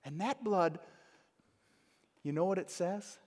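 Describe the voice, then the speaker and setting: A man preaching a sermon, swinging between loud dramatic bursts and hushed asides. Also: high-pitched, slow pace, pauses often. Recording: long hall reverb.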